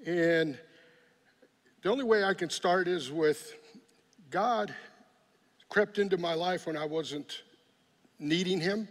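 A man's voice: sits high, slow pace, pauses often. A middle-aged man from San Jose giving an earnest, plainspoken personal testimony, often restarting his sentences. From San Jose, California. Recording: long echoey hall reverb.

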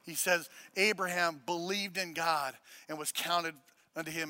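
High bright guy preaching, jokey asides then gets loud and emphatic, dry close sound. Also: steady tone, measured pace, no echo. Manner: casual, joking asides between preaching. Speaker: pastor. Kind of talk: sermon.

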